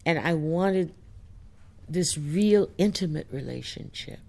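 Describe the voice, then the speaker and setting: A woman author answering audience questions in a reflective, thoughtful way, pausing as she searches for words. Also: sits low, animated, creaky, warm tone. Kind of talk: reflective studio talk.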